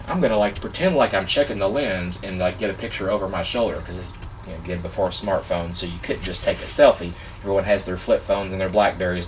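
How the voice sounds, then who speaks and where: Lowish-voiced guy gushing through a story time vlog, mic kinda far, faint hiss behind. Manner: excitable, animated storytelling with fan-like gushing. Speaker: vlogger telling a personal story.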